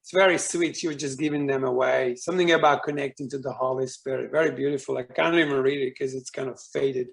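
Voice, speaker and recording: A man's voice: mid-range voice, steady tone, quick pace, vocal fry, hardly any pauses. A man speaking as a guest, telling a personal story in a casual, rambling way with many fillers and restarts.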